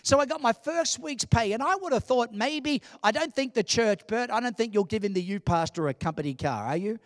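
A man in his sixties preaching a sermon in church, animated and humorous, with emphatic delivery. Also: very high voice, a little fast, no room sound, clean studio sound. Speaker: pastor.

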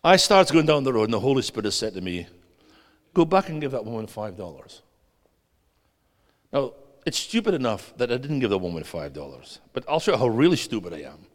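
A man preaching a sermon as a guest preacher, animated, swinging between loud and hushed and putting questions to the audience. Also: medium pitch, fast, hardly any pauses. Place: church hall. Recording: long hall reverb.

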